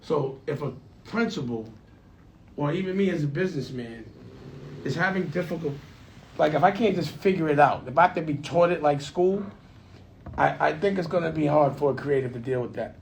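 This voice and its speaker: A man's voice: a little high, normal speed, vocal fry, distant mic. A man in a casual studio conversation, talking in a laid-back, slangy way that trails off and restarts. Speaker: studio owner talking business. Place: studio room. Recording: roomy sound from off-mic, faint noise.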